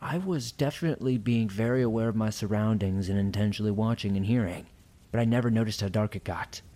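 A man's voice: fairly low pitch, quick pace, dark tone. A man reading listener horror stories aloud in a suspenseful storytelling manner.

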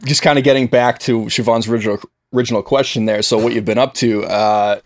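Chill cohost guy bringing the chat back on track, regular mid pitch. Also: steady tone, quick pace. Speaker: podcast co-host. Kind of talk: casual podcast chat.

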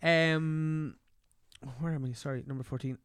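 A man's voice: on the high side, fairly even intonation, measured pace, a bit bright, clear, resonant tone, dry recording, studio quality. A man hosting a casual interview, easygoing and a little scattered, with frequent short agreements. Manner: easygoing, scattered, many brief backchannels. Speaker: podcast host.

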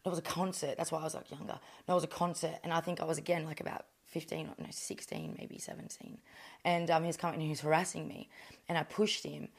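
An Australian woman telling stories as a podcast guest, animated and blunt, with plenty of swearing. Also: sits low, fast, gravelly. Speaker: guest, professional boxer. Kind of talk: casual storytelling.

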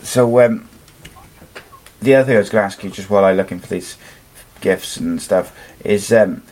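A man's voice: on the low side, moderate pace, a little mellow. A man from the UK hosting a casual wrestling podcast, rambling through stories with lots of fillers. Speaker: podcast host. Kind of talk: casual chat.

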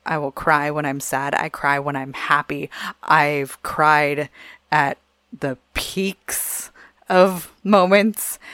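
A woman's voice: sits low, fairly bright tone, smooth, no echo. A woman co-hosting a casual chat, speaking in an earnest, heartfelt way. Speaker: podcast co-host.

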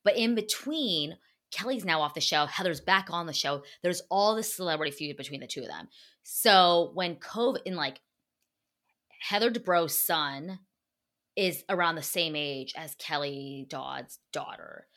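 Low-pitched, bright-toned gossiping woman. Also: a little slow. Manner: chatty, full of "like" fillers and swearing. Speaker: podcast host. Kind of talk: casual gossip chat.

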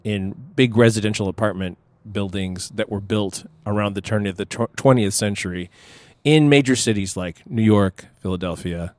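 A middle-aged man telling a story on a podcast, his voice on the low side. He meanders, pausing and restarting often, and the sound is close and dry. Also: no room sound. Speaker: podcast co-host. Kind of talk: casual chat.

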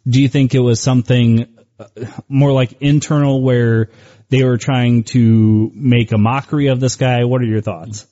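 A man's voice: mid-range voice, steady tone, moderate pace, mellow, dull audio. A man co-hosting a podcast, chatting in an easygoing, joking way and asking his co-host questions. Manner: easygoing, joking, puts on voices. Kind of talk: casual chat.

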